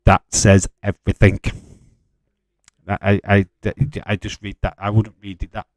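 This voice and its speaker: This man's voice sits on the low side, and his delivery is completely flat and measured, with no echo. As host of a casual live watch-along, he reads chat, needles viewers, reports on the match, and swears freely.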